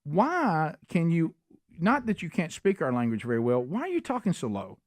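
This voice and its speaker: A man's voice: a little high, wildly swooping pitch, moderate pace, no room sound. Male radio host, casual emphatic chatter, dry mic. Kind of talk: casual talk-radio chat.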